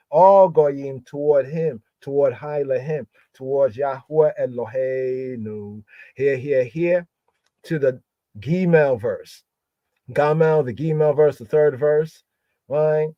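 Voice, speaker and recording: A man's voice: fairly high pitch, no echo, highs cut off. A man teaching a live scripture study, repeating words over and over and drawing them out.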